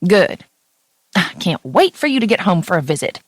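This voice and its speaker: A woman's voice: fairly low pitch, sing-song, moderate pace, husky, no room sound, clean studio sound. A woman voicing a chatty middle-aged Southern mother with a Tennessee accent who dotes on her daughter over the phone. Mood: wistful. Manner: doting, homespun, calls her daughter honey.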